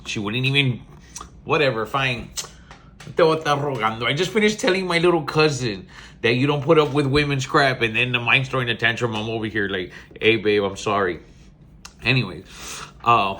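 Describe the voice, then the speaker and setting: Young South Texas man, podcast host, casual storyteller, lively pitch, slangy. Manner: animated, slangy, mixes in Spanish words.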